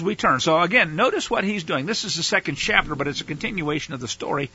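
A man's voice: fairly high pitch, pushed and bright, slightly rough, dull audio. A man teaching from the Bible, reading scripture aloud with dramatic emphasis and breaking in with casual, plain-spoken asides.

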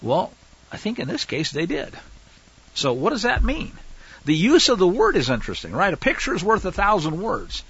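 A man teaching a Torah study in an explanatory way, halting often with fillers. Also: high voice, huge pitch swings, fairly bright tone, breathy edge, highs cut off. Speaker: Bible teacher.

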